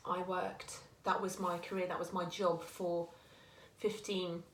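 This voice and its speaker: A woman's voice: lowish voice, flat delivery, unhurried, slight background noise. Chatty woman in an echoey room. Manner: chatty and earnest, often restarting her sentences. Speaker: small business owner and marketer. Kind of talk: casual talking-to-camera advice.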